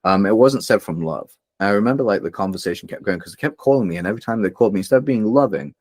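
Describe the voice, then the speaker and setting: A man's voice: lowish voice, lively intonation, racing, a little mellow, dry recording, clean studio sound. A young man speaking as a podcast guest, telling candid personal stories in an earnest, emotional way, with many fillers and restarts. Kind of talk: candid personal storytelling in a conversation.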